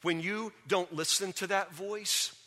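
A man's voice: high voice, steady tone, measured pace, bright, forceful tone, big-room sound, pitched above the performer's own voice. A man voicing a patient, earnest father counseling his son and repeating words for emphasis.

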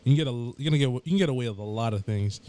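A young man in casual podcast chat, animated and teasing, laughing often. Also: medium pitch, very fast. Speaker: podcast co-host.

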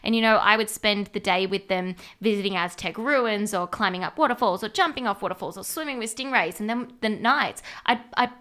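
Australian woman, young adult, bubbly, animated storyteller, bright clear voice. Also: mid-range voice, fairly quick, hardly any pauses. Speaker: singer-songwriter guest. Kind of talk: casual radio interview.

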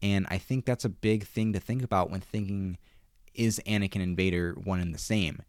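A man with a deep, low voice talks through a show episode in a casual recap, excited and emphatic, doubling back on his words to hammer points home. The sound is dry and close, with no room around it. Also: normal speed, no echo. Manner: excitable, emphatic, repeats himself.

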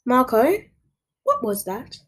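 A woman plays a frightened seventeen-year-old girl in a homemade horror story, yelling her lines. The voice is pushed high and the tone stays breathy. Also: wildly swooping pitch, takes it slowly, full character voice. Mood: frantic. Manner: yelling, frantic.

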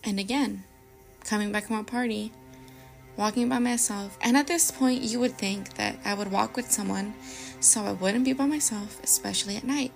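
A young woman hosting a podcast, reading scary stories aloud dramatically and dropping to a hush at tense moments. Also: medium pitch, moderate pace, vocal fry, faint music behind. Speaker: podcast host.

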